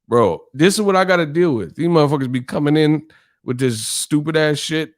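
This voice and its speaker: A man's voice: fairly high pitch, fairly quick, no room sound, clean studio sound. A man hosting his own stream rants in a loose, casual way, swearing freely and sounding exasperated. His voice sits a little above the usual male range, and he breaks into laughter often. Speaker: streamer host. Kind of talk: casual live stream rant.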